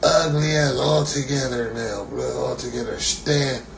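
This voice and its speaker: A man's voice: mid-range voice, measured pace, creaky, background noise. A man delivering a profane, mocking comedic rant, repeating himself for laughs. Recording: echoey room.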